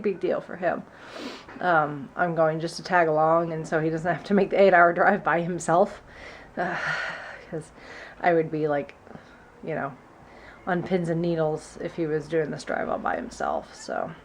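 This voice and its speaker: A woman's voice: fairly low pitch, slight background noise. Tired, chatty woman vlogging at home. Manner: rambling, chatty, with laughs and asides. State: sick and tired. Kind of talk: casual chat. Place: at home by a patio door.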